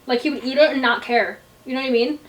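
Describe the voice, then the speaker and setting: Blunt young woman, higher voice. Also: fast talker. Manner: blunt, swears freely, animated. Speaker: channel host. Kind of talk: casual chat.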